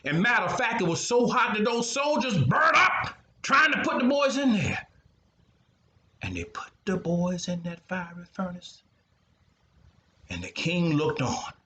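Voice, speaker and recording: An older man tells a Bible story as a grandfather would, drawing out his words and making horn sounds with his voice. His high, bright voice swoops up and down, and the room gives back a clear echo. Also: big pitch swings, a little slow. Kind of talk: animated storytelling with sound effects.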